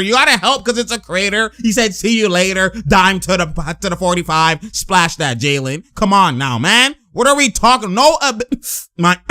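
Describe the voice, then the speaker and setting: A man giving loud, laughing, slangy commentary as he reacts to game footage. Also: high voice, no room sound. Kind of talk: excited live reaction commentary.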